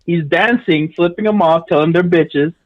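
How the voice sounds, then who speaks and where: A man's voice: fairly high pitch, normal speed, highs cut off. Laughing slangy man telling stories. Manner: laughing, slangy storyteller acting out quotes. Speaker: podcast guest. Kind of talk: casual storytelling chat.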